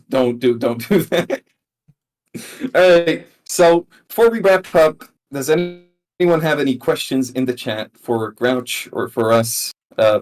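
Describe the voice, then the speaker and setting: A man hosting a casual gaming podcast, relaxed and joking as he leads the talk. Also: mid-range voice. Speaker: podcast host. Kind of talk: casual chat.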